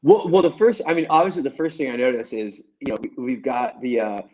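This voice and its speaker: A man, a guest comic, telling stories in a casual, animated way and laughing as he goes. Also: medium pitch, a little fast, highs cut off. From United States. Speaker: guest comedian. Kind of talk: casual storytelling.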